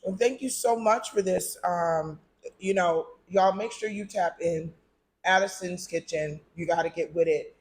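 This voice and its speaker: A man's voice: sits high, measured pace, husky. A man hosting an interview, tasting food and reacting with enthusiasm, sometimes talking with his mouth full. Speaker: host.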